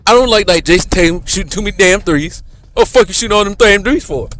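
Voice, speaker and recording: A man voicing a grumpy older male basketball legend who rants loudly and boasts about his past. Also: high-pitched, fast talker, faint music behind, voice pushed up. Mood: boastful ranting. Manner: loud, boastful, rambling rant.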